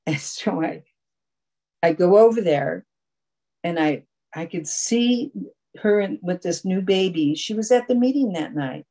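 A woman's voice: lowish voice, animated, a little slow, long pauses, mellow, rough recording. A woman telling a long personal story at a support group meeting over a video call, rambling and full of fillers. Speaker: recovery meeting speaker.

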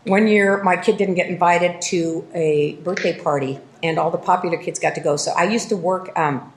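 A middle-aged woman telling her recovery story at a meeting, self-mocking and lively, full of fillers and restarts. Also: on the low side, moderate pace, echoey room. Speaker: speaker sharing at a recovery meeting. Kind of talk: personal recovery testimony.

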